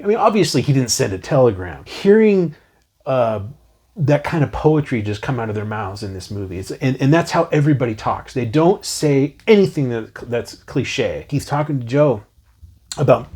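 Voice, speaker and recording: A man's voice: medium pitch, moderate pace, slightly rough. A man in his forties co-hosting a casual movie review show, talking enthusiastically and quoting lines he loves. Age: 40s. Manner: enthusiastic, animated, quotes lines from the film. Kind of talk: casual film review chat.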